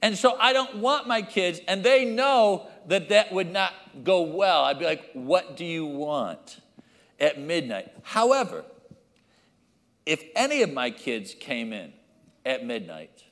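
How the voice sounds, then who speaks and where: A man preaching a sermon as pastor, acting out his children and church members with lively changes of voice. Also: sits high, unhurried, in a large hall.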